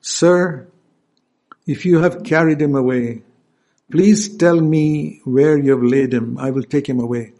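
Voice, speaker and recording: A man's voice: on the high side, steady tone, unhurried, dark tone. A male preacher voicing a grieving, devoted woman who pleads to find her lord's body, in earnest tones within a sermon. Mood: pleading.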